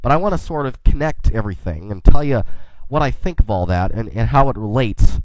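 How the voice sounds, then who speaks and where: Lively, rambling male podcast host. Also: medium pitch, fairly quick, dry recording, low-quality recording. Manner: rambling, chatty, folksy asides; playful in-character space banter. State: a little sick. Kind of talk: casual solo podcast monologue.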